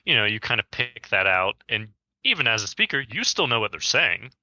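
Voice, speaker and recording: A man's voice: fairly quick, no echo, muffled recording. A man co-hosting a podcast, explaining ideas in casual conversation and acting out spoken examples. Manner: explains with spoken examples, animated pitch jumps. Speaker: podcast co-host.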